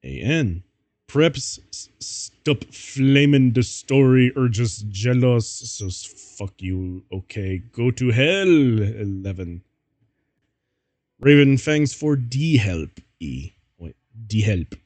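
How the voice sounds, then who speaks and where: A man's voice: mid-range voice, expressive, slow, darkish tone, no echo. A man streaming as he reads fan fiction aloud, giggling and breaking up with laughter. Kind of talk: casual comedic reading.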